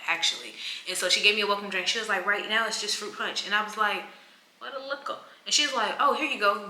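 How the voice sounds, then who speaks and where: A young woman tells an animated, casual vlog story and acts out the people she quotes. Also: mid-range voice, roomy sound, slight background noise. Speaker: travel vlogger.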